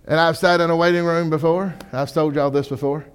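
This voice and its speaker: A man's voice: fairly high pitch, fairly even intonation, a little fast, smooth, soft background music. A young man, a pastor delivering a sermon in a folksy storytelling way, acting out the people he quotes. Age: young adult.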